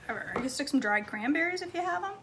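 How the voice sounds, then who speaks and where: A woman's voice: high-pitched, expressive, racing, noisy background. A woman vlogging casually from her home kitchen, chatting to viewers and her dog as she cooks. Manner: chatty, talks to her dog between steps. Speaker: cooking vlogger.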